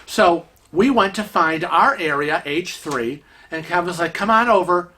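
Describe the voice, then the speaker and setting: A man's voice: on the high side, a little slow, pushed and bright, slightly rough. A man vlogger telling a story in a chatty, exasperated way, acting out the quotes. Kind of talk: casual storytelling.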